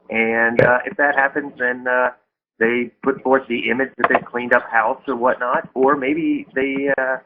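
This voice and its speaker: A man's voice: medium pitch, fairly even intonation, normal speed. Male panel guest, hesitant, lots of fillers, faint hiss on a phone line. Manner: hesitant, full of "you know" and restarts. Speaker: poker media guest. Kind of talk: casual panel talk.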